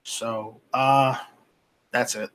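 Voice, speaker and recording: A man hosting a casual live stream off camera, reading viewer chat aloud and talking in a halting, rambling way with many restarts. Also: mid-range voice, fairly even intonation, a bit bright. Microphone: home streaming mic, voice only, off camera.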